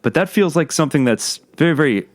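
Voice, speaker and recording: A man's voice: a little high, animated, quick pace. A man hosting a podcast, speaking hesitantly with repeated words and supportive replies. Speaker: podcast host. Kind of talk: conversational interview.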